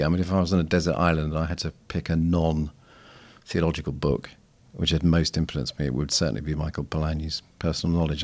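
Man, low voice, podcast guest, thoughtful and anecdotal, restarts often. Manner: reflective, anecdotal, frequent restarts. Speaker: guest missiologist. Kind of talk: casual podcast conversation.

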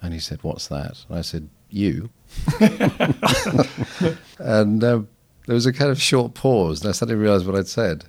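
A man's voice: lowish voice, expressive, moderate pace, darkish tone. A man, a guest on a podcast, telling stories reflectively with frequent restarts. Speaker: guest missiologist. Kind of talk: casual podcast conversation.

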